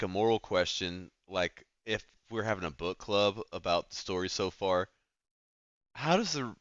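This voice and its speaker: A man's voice: on the low side, sharp tone, clean tone, dry recording, lo-fi sound. A man hosting a casual stream, rambling and restarting his thoughts with lots of filler. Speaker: streamer host.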